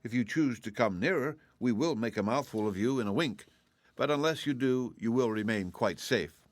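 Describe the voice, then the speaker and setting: A man's voice: medium pitch, expressive, normal speed, no echo, lightly acted. A man voicing a proud, polite young dragon with a drawling, haughty manner.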